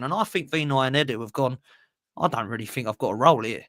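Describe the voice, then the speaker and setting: A man's voice: mid-range voice, fast talker, a bit bright, dry recording, studio quality. A man in casual football chat, ranting bluntly and emphatically.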